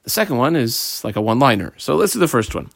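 A man teaching a Talmud page line by line, explaining each phrase and marking up the text as he goes, sometimes quick, sometimes slow and stressed. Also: medium pitch, big pitch swings, gravelly, no room sound, clean studio sound. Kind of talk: page-by-page study lesson.

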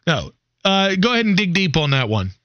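A man's voice: high voice, big pitch swings, fairly quick, no echo, dull audio. A man hosting a sports radio show in casual, joking banter, rambling and self-deprecating.

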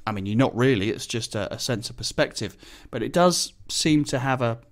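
Chatty pilot explaining procedures. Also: male voice, mid-range voice, a little fast. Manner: chatty, relaxed, explains technical terms plainly. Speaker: business jet pilot. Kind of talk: casual explanatory monologue.

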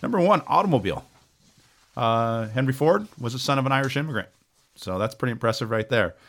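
A man's voice: medium pitch, expressive, fairly quick, fairly bright tone. A man co-hosting a podcast, reading through a list of facts in a casual, joking way. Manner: reads a list with jokes and stumbles. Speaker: podcast co-host, researcher.

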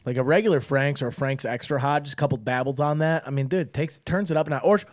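A man's voice: mid-range voice, fast talker. Rambling laid-back young man. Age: 20s. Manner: loose, rambling, swears, says dude a lot. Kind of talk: casual chat.

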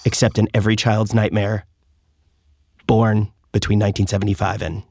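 A man giving scripted dramatic narration in a slow, solemn storybook manner. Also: lowish voice, flat delivery, no echo. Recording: loud music behind.

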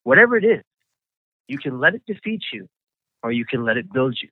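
A man recounts his own survival story as an interview guest, often halting and repeating words. His voice comes through a thin, phone-like line. The sound is dry and close, with no room around it. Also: mid-range voice, big pitch swings, dry recording.

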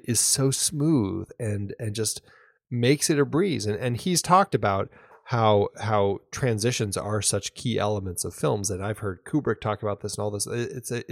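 A man's voice: lowish voice, dry recording. Enthusiastic man, dry close sound. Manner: enthusiastic, rambling with restarts. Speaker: podcast co-host. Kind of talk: casual film discussion.

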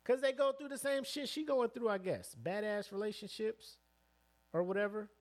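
A man's voice: high-pitched, steady tone, moderate pace. A man co-hosting a casual podcast, joking, swearing freely and laughing often. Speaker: podcast co-host.

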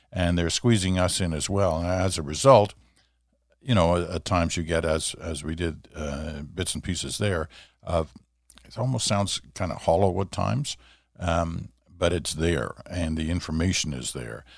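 A man's voice: sits low, dry recording. A middle-aged man hosting a radio talk show from a small home studio, chatting casually with lots of asides. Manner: chatty, conversational, with asides and filler words.

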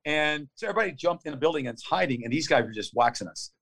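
A man's voice: fairly high pitch, expressive, rapid-fire, a bit bright. A man in his fifties sits for an interview. He gives an urgent, vivid play-by-play in short clipped phrases. He often restarts a thought as he goes. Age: 50s. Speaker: interview guest. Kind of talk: conversational storytelling.

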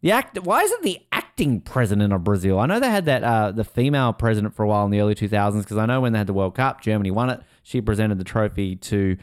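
Excitable podcast host who swears freely and mimics people mid-story; smooth tone. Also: male voice, on the low side, fast, hardly any pauses, no room sound, clean studio sound. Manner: excitable, swears, acts out quotes in voices. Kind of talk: casual chat.

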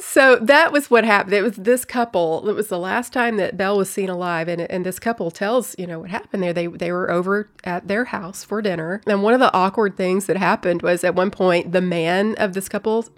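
A woman's voice: mid-range voice, a little fast, hardly any pauses. Casual woman host telling a true-crime story, chatty, playful quoting. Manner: chatty, laughs often, acts out quotes. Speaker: podcast host.

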